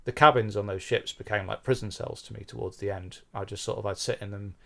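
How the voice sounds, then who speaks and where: Middle-aged man, low-ish register, frank and self-deprecating interviewee. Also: fairly even intonation, quick pace, gravelly. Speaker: podcast host being interviewed, bass player. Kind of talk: candid conversational interview.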